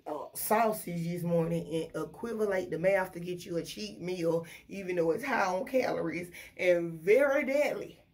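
A woman, ranting casually and bluntly about her fast-food job, full of profanity. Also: medium pitch, a little mellow. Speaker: vlogger. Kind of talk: casual rant to camera.

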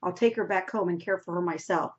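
A woman's voice: lowish voice, a little fast, close to an everyday voice. A woman reading aloud voices an anxious, determined teenage farm girl who asks urgent, pleading questions. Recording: dull lo-fi recording.

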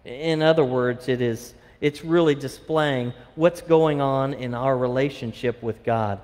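A man's voice: medium pitch, measured pace, darkish tone. Man preaching in a reverberant church. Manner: preaches from scripture with fillers and restarts. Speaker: pastor. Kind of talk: sermon. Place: church sanctuary. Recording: long church hall reverb.

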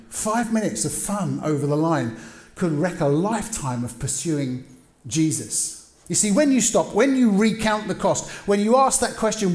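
Middle-aged male pastor, high voice, lively storyteller, roomy hall sound. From England. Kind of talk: sermon. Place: large church hall.

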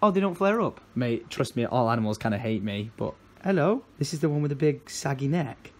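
A young man, chatting excitedly in a casual vlog and often breaking into laughter. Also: medium pitch. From England. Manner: excitable, laughing, quick exclamations. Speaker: vlogger. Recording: faint background noise.

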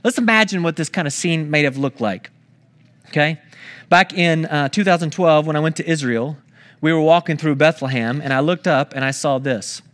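A man's voice: a little high, normal speed, a bit bright. A man preaching a sermon, talking through a scripture story in a conversational way, with storytelling asides to the congregation. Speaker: pastor.

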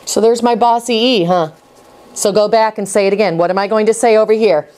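A woman teaching young readers in a classroom. Her voice sits at a middle pitch, and she keeps up a steady stream of encouraging praise and quick prompts. She sounds like an experienced teacher running a phonics drill. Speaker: reading teacher.

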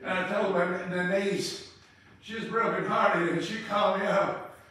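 An older man preaches a revival-style funeral sermon, halting and full of filler sounds, then breaking into loud praise. His voice is high and bright. He is recorded from a distance in a strongly echoing funeral chapel. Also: fairly even intonation. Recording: echoey room, distant mic.

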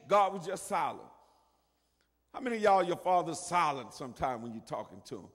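An older man preaching a sermon, moving between quiet asides and shouted lines. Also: high-pitched, very animated, a little fast. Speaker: pastor. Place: church sanctuary. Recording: long reverb of a large hall.

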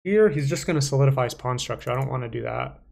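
A man's voice: medium pitch, animated, fast talker, gravelly, a little mellow. A young man casually thinking aloud while playing online chess, muttering to himself with playful asides. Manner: casual, self-talking, playful asides and mumbles. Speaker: chess streamer.

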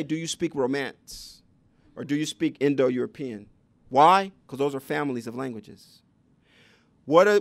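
An education speaker with a voice on the high side gives a public lecture on education, teaching conversationally and posing rhetorical questions to the audience. There's no echo.

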